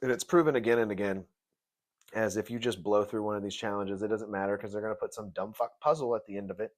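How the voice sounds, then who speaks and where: A man with a somewhat low, steady voice rambles quickly through a casual video review of a TV episode. He swears freely, cracks jokes, and drifts into mocking rants.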